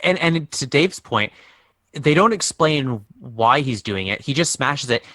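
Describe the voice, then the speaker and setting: Man, podcast co-host, wry jokes, bright tone, dry close sound. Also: mid-range voice, expressive, measured pace, no echo. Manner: wry, jokey commentary. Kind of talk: casual podcast chat.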